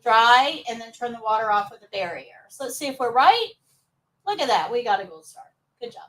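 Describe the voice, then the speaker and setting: Female instructor, high voice, upbeat classroom teaching, mic set back from her. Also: very animated, fairly quick, fairly bright tone, distant mic, rough recording. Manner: upbeat, coaxing students to answer. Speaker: nursing assistant instructor. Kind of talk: live classroom lesson.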